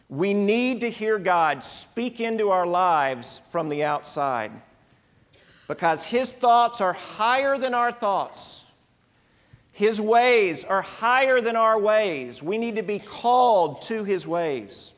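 A man preaching a sermon, earnest and emphatic, in short phrases with pauses. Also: sits high, animated, fairly bright tone, in a large hall.

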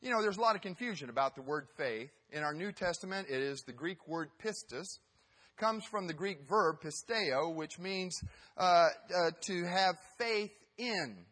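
A man's voice: high-pitched, lively intonation, moderate pace, bright, forceful tone. A man giving a sermon as pastor, telling a story emphatically with some hesitant fillers.

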